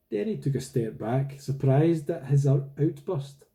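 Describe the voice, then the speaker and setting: Male reader, very dark mellow tone, steady storytelling of a novel. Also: mid-range voice, a little slow. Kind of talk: reading a novel aloud.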